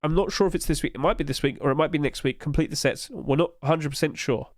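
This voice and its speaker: Young man, casual stream chat, rambling, slightly high voice, dry close mic. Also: fast, no room sound. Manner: rambling, animated, chatty.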